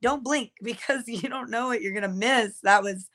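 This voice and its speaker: A young woman co-hosts a relaxed podcast. Her voice sits on the higher side, and she rambles through her points with plenty of "like" and "you know." She sounds easygoing and chatty. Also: normal speed. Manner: chatty, many fillers and restarts. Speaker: co-host. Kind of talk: casual podcast chat.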